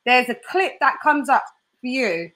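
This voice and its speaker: A woman hosts a casual interview, her voice sitting a little high for a woman. She talks in an animated way, laughs a lot and acts out little quotes as she goes. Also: a little slow.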